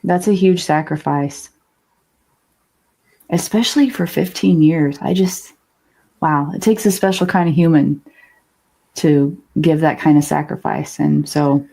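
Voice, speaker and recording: A woman hosting an interview who asks gentle questions and affirms her guest. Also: sits low, unhurried, creaky, pauses often, breathy edge. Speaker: podcast host. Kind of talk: interview conversation.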